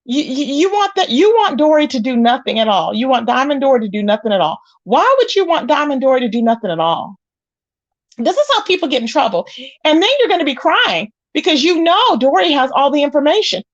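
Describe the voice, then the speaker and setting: A woman's voice: high voice, sing-song, fairly quick, no room sound. A woman doing casual live-stream commentary, reading chat aloud in a sassy way, calling viewers child and honey. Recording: dull lo-fi, dry.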